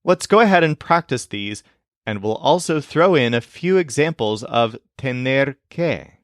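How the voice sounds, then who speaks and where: A man teaching a language lesson, explaining grammar in a clear, scripted way and giving English sentences to translate. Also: mid-range voice, lively intonation, dry recording, clean studio sound. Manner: slow, clear explanatory delivery.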